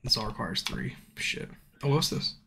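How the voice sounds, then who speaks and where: A young man streaming a game, rambling, swearing and telling stories in animated bursts. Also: medium pitch, moderate pace, vocal fry, background noise. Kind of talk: live-stream gameplay commentary.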